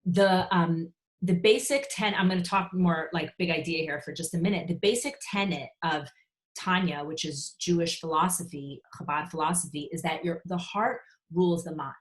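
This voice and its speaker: A woman's voice: fairly low pitch, normal speed. A woman giving parenting advice in a frank, conversational online talk, acting out short parent and child exchanges. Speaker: parenting speaker.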